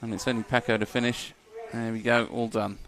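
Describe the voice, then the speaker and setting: A man's voice: mid-range voice, level tone, a little fast, a bit bright. A man giving live commentary at a model car race, chatty and joking, laughing often.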